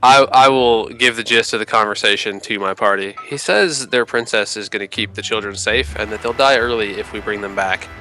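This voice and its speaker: Male player, bright and forceful, lays out his character's plans; faint music bed. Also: on the low side, fairly even intonation, a little fast, few pauses. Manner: talks through his character's moves out loud. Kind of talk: tabletop game play over voice chat.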